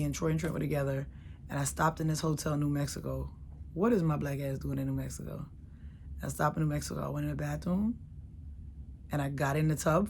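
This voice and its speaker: A middle-aged woman telling a candid, emotional personal story, dropping to a hush and rising loud by turns. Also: low-pitched, slight background noise. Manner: candid, emotional, swings between hushed and loud.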